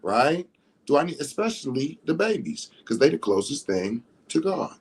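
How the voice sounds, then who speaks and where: A man's voice: on the high side, very animated, moderate pace, slightly rough. A man talking casually on his livestream, rambling and repeating "you know what I'm saying" as he explains his views. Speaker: livestream host.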